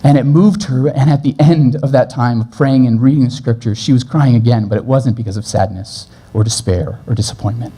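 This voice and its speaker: A man preaching a sermon as pastor, earnest, moving between brisk stretches and slow, gentle passages. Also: mid-range voice, fairly even intonation, husky. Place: church.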